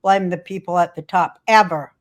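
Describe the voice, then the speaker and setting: Speaking at a moderate pace in a lowish voice, this older woman is the host of a laid-back podcast recorded in a hotel room. She chats casually, wandering through profane, storytelling rants.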